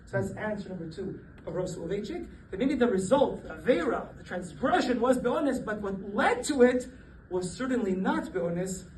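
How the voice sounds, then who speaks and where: A man with a fairly high voice gives a lively Torah class, laughing often and slipping into the voices of people in his stories. He sounds set back from the microphone in a roomy, echoing space with a faint hum of background noise. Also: normal speed. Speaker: rabbi teaching a class. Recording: echoey room, voice from a distance, faint background noise.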